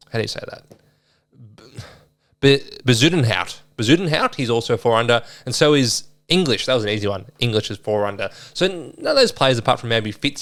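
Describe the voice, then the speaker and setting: Previewing the weekend's games on his solo sports podcast, a young Australian man chats in a lively, somewhat rambling manner full of fillers. His voice is medium-pitched with a clean tone.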